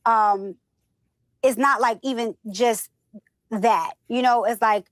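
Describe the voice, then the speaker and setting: A woman from the northern United States, an interview guest telling stories in a lively, chatty way and acting out quoted dialogue. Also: on the high side, takes it slowly, dry recording. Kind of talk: casual storytelling chat.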